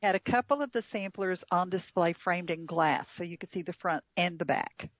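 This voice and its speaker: Woman guest, casual chatty storyteller, lowish voice, dry muffled call sound. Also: normal speed, no echo. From United States. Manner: chatty storyteller, laughs often, frequent fillers. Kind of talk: casual chat.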